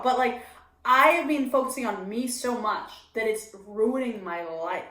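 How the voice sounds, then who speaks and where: A woman's voice: on the high side, normal speed. A woman stand-up comedian talking candidly in an interview, acting out her own inner voice as she goes. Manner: confessional, animated, acts out her own inner voice. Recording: echoey room.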